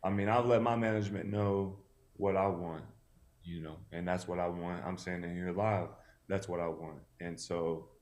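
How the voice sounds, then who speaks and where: A man's voice: low-pitched, fairly even intonation, normal speed, darkish tone. A male boxer in his thirties from Tennessee, telling a story in a casual interview, laid-back with many fillers. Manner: laid-back, many "you know" fillers, acts out quoted dialogue.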